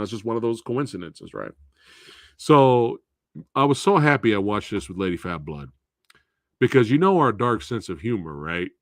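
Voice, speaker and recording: A man hosting a casual live film review, animated, profane and laughing often. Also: mid-range voice, no room sound, clean studio sound. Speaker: movie reviewer and host.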